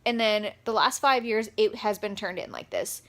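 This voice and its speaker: A young woman talking straight to camera in a personal vlog, upset and close to tears, speaking haltingly with many pauses and fillers. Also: mid-range voice, fairly bright tone. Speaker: vlogger.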